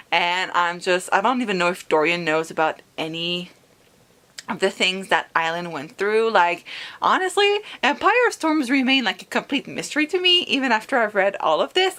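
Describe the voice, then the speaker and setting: A young woman talks through a casual reading vlog. She is chatty and animated and leans on filler words. Her pitch sits in an ordinary middle range. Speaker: book vlogger.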